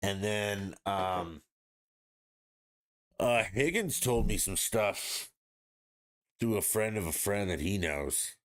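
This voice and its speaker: A man's voice: on the low side, expressive, slow pace, long pauses. A man hosting a podcast, ranting bluntly and profanely in casual sports talk. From Denver area, United States. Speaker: podcast host.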